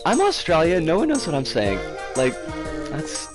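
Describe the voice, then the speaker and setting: An American woman in her forties chatting casually on a game stream, animated and giggly with sudden excited squeals. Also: low voice, moderate pace. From United States. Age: 40s. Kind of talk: casual livestream chat while gaming. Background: game music.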